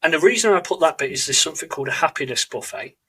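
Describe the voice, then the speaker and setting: A man's voice: fairly high pitch, lively intonation, racing, sharp tone, husky, rough recording. A man hosting a podcast in a casual conversation. He talks in an earnest, reflective way and often searches for his words. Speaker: podcast host.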